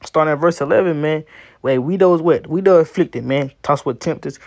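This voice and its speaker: A man giving an informal scripture teaching in street slang, ending nearly every phrase with "man" and reading verses slowly. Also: a little high, gravelly, a little mellow, dry recording. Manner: reads verses slowly and deliberately.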